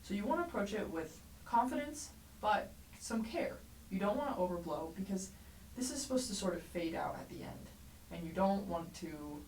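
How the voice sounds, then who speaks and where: A woman teaching a trumpet lesson, explaining clearly and encouragingly, sometimes singing rhythms aloud. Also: medium pitch. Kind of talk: music lesson tutorial. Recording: roomy echo, mic at a distance, faint background noise.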